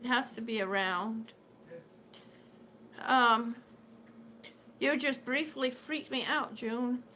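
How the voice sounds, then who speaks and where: A woman's voice: a little high, slow pace, long pauses, sharp tone, a little hiss or hum. A middle-aged woman chatting casually on her live stream, rambling and answering viewers' comments as she goes. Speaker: vlogger living with lung disease.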